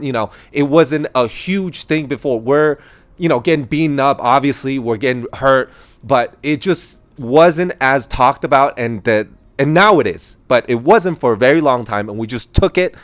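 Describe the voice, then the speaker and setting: A man talking casually to the camera, with a voice of ordinary pitch. His delivery is animated, with laughs and sudden higher-pitched quoted lines mixed into a loose, restarting flow of thoughts. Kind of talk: casual opinion monologue.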